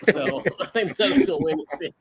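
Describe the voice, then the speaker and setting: A man's voice: a little high, expressive, quick pace, husky. A man hosting a casual sports chat, playful and laughing often. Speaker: podcast host.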